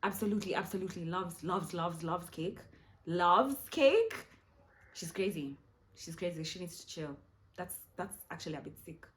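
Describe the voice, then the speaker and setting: A woman's voice: fairly low pitch, a little fast. A young Kenyan woman in her twenties, chatting casually as she tells a story to her vlog audience and slipping into Swahili now and then. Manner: chatty, animated, mixes in Swahili. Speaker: vlogger.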